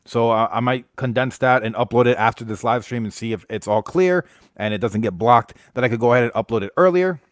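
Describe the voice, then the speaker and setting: Chatting loosely on a live stream, an American man greets his chat members and wanders from thought to thought, often restarting sentences. He speaks fairly quickly at a medium pitch, recorded dry and close with no room echo.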